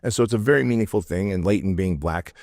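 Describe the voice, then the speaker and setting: Middle aged guy from the soviet union, talks real fast, blunt and slangy, acts out the quotes on a podcast. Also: deep voice, darkish tone, dry recording, clean studio sound. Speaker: podcast guest, entrepreneur. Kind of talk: casual podcast interview storytelling.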